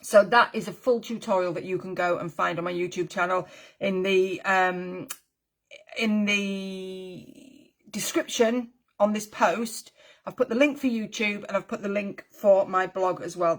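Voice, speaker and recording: A woman's voice: fairly low pitch, fairly even intonation, moderate pace. A woman teaching a craft tutorial in a chatty, friendly way, with rambling asides and frequent ums. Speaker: needle felting teacher.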